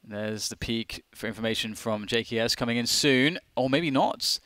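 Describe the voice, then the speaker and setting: A man's voice: mid-range voice, normal speed, fairly bright tone, slight background noise. A man casting a live esports match, chatty and analytical with his co-caster.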